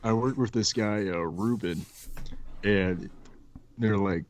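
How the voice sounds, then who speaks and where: A young man with a fairly low voice tells stories in a relaxed, casual way. He slips into quick impressions of the people he worked with. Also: slight background noise. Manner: laid-back storyteller, acts out coworkers with laughs. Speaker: podcast guest. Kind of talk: casual chat, storytelling.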